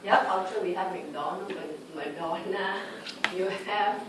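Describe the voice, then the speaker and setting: Chatty woman tutor in an echoey room. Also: mid-range voice. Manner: checks in constantly with tag questions; chatty, lists examples briskly. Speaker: revision tutor. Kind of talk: informal exam revision lecture. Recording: echoey room recorded from far off with background noise.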